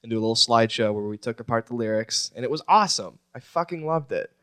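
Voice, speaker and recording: A man's voice: mid-range voice, lively intonation, quick pace, fairly bright tone, smooth, no room sound, studio quality. A man hosting a comedy podcast, joking in a profane, mock-serious way with his co-hosts. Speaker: podcast host. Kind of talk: casual comedy podcast banter.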